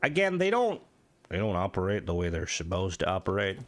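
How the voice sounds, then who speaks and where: Stuffy and nasal from hay fever, this man hosts a gaming video with a low, sing-song, fairly bright voice, talking a little fast. His casual commentary rambles as he thinks aloud and restarts his thoughts.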